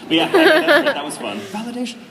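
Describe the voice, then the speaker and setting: A man, a voice actor on a convention panel, telling a casual story to a live audience, animated and laughing often. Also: very high voice, a little fast, creaky, a crowd in the background. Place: large convention hall. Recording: echoey hall, distant noisy mic.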